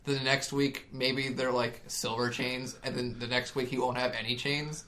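A man's voice: mid-range voice, flat delivery, moderate pace, bright, forceful tone. A man co-hosting a casual podcast, opinionated and swearing casually. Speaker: podcast co-host. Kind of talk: casual chat about wrestling.

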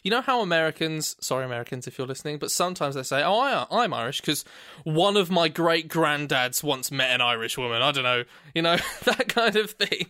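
A man's voice: on the high side, expressive, fairly quick, pushed and bright, dry recording, studio quality. A British man co-hosting a podcast, rambling enthusiastically about music in casual chat. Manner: rambling, enthusiastic, laughs often. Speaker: podcast co-host.

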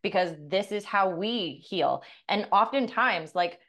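A woman's voice: mid-range voice, lively intonation, unhurried, fairly bright tone. A middle-aged woman co-hosting a podcast, telling a personal story with blunt, profane candor and acting out the dialogue. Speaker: podcast co-host, coach.

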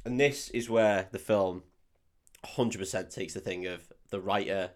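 A man's voice: sits low, measured pace. A man, co-hosting a podcast, recapping a film in casual chat, swearing and laughing often. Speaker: podcast co-host.

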